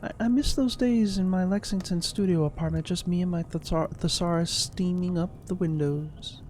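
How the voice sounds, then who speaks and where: A man's voice: high voice, fairly even intonation, normal speed, darkish tone, a little hiss or hum, voice pushed up, close to an everyday voice. A man voicing a wistful middle-aged woman, a former romance novelist, in a dreamy, rambling, self-mocking way.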